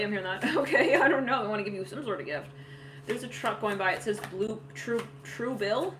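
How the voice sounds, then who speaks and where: A woman's voice: mid-range voice, quick pace, fairly bright tone, a little hiss or hum. A woman giving a casual tarot reading, rambling with lots of fillers and frequent laughter. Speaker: tarot reader.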